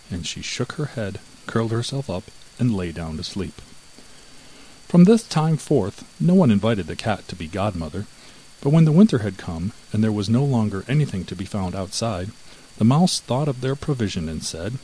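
Lively low-voiced male storyteller. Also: normal speed, husky, poor audio. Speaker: narrator. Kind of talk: audiobook fairy-tale reading.

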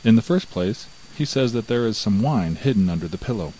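Sly clever peasant in a fairy tale, read by a man, calm, knowing, deep voice. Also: a little fast, slight background noise, close to an everyday voice, rough recording.

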